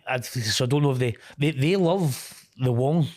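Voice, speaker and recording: A man's voice: mid-range voice, moderate pace, darkish tone, no echo. A middle-aged Scottish man talks frankly in a close, dry recording, with no room sound around him. His speech is blunt and peppered with casual swearing, and he laughs easily between thoughts. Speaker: interview guest. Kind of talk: candid conversational interview.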